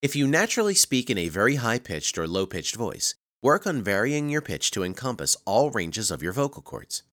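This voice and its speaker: A man giving scripted narration for a communication skills course, reading in an even, measured way and stressing key words. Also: fairly low pitch, no echo, clean studio sound.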